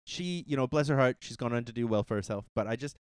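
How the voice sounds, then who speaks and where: A man's voice: fast talker, smooth, dry recording. A man in his thirties hosts a podcast, his mid-range voice swinging widely up and down as he laughs and tells stories. He sounds candid and self-mocking. The recording is close and dry, with no room sound. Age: 30s. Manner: animated, laughing often, jumps high in pitch when excited. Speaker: podcast host. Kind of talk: casual chat.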